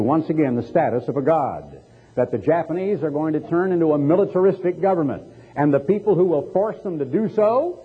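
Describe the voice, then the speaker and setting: A man's voice: fairly high pitch, husky. A man preaching an impassioned, emphatic sermon before a live audience. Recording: tinny lo-fi recording with long hall reverb.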